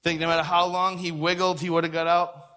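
A man preaching a lively sermon as pastor, acting out quoted voices and repeating words for emphasis. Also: on the high side, a little fast.

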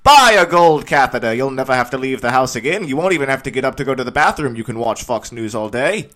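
A man voicing a pushy male TV pitchman, rattling off a hard-sell pitch. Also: lively intonation, fairly bright tone, close to an everyday voice. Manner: rapid-fire hard-sell patter. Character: pushy male TV pitchman hawking gold catheters.

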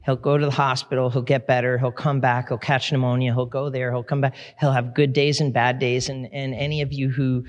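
A man's voice: mid-range voice, little pitch movement, brisk, hardly any pauses. A middle-aged man preaching as a pastor, candid and conversational, with fillers and restarts. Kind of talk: sermon. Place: church sanctuary. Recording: long reverb of a large hall.

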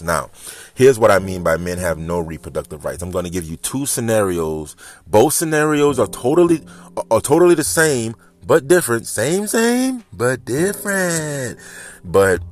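A man in his thirties hosting a casual podcast monologue, talking in an animated, rambling way straight to his listeners. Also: low-pitched. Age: 30s. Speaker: podcast host. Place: home, smoking while recording.

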